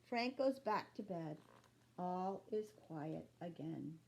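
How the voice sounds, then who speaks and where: A woman teacher reading a chapter book aloud to children, slow and clear, pausing to ask young listeners questions. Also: on the low side, expressive, a little mellow.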